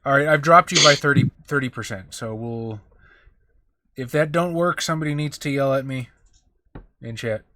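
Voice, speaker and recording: A man's voice: mid-range voice, moderate pace, pauses often, pushed and bright. A man chatting casually as a player and stream host in a tabletop game, swearing freely.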